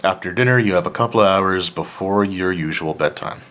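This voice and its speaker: Deep voiced guy reading a choose your own adventure horror game, casual asides, clears his throat a lot. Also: a little fast, a bit bright. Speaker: player of a solo tabletop adventure. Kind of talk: reading a solo gamebook aloud and commenting.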